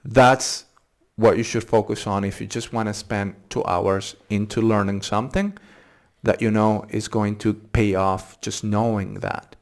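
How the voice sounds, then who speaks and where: A man hosting a casual, unscripted pronunciation lesson, repeating tricky words slowly syllable by syllable and thinking aloud as he goes. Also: lowish voice, fairly even intonation. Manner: thinks aloud with fillers and restarts. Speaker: English pronunciation channel host.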